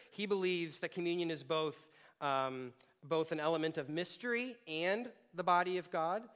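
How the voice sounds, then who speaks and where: A man's voice: fairly high pitch, sharp tone. A male pastor giving a sermon in a conversational way, with playful asides to the congregation.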